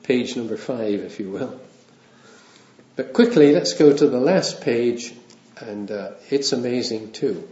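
A man's voice: mid-range voice, animated, measured pace, dark tone. A man preaching a sermon in a conversational way, with wry asides and small chuckles. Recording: roomy, dull lo-fi sound.

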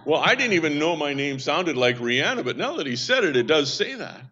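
A man's voice: a little high, sing-song, a little fast, sharp tone, dull audio. A man who works with a seamen's mission, giving a casual update in a rambling, anecdotal way with frequent restarts.

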